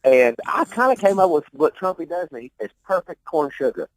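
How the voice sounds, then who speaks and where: A man's voice: on the high side, sing-song, brisk, no room sound, poor audio. A man being interviewed about his music, talking in a loose, rambling, profane way, often repeating himself and laughing. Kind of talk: casual interview talk.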